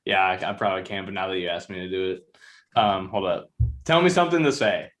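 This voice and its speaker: A man's voice: low-pitched, a little fast, a bit bright. A man in his twenties, a musician guest, chatting casually in a laid-back, rambling way with lots of fillers. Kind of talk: casual chat.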